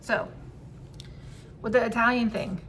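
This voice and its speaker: A woman telling a personal story to camera in a casual vlog, candid and quick to swear and laugh. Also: a little high, fairly even intonation, fairly bright tone, slight background noise. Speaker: vlogger.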